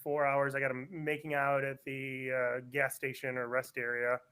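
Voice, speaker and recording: A man, a comedian guest, telling animated stories in casual chat. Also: mid-range voice, moderate pace, clean tone. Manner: animated storyteller, acts out quoted voices.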